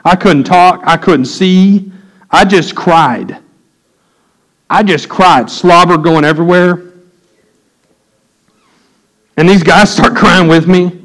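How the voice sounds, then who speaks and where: A man's voice: sits high, takes it slowly, long pauses, a bit bright, poor audio. Impassioned storytelling male pastor. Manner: candid storytelling that builds to impassioned preaching. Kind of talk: sermon.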